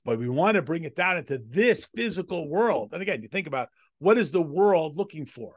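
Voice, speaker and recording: A man's voice: on the high side, sing-song, brisk, no echo, studio quality. A man teaching a Torah lesson as a rabbi, reading Hebrew text aloud and explaining it step by step with rhetorical questions. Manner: reads Hebrew text aloud then translates.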